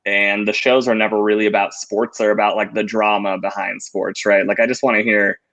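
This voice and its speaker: A man's voice: fairly low pitch, level tone, a bit bright. Argumentative male sports podcaster. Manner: argumentative, quick to push back. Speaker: podcast co-host. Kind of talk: casual sports chat. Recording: slightly dull lo-fi audio.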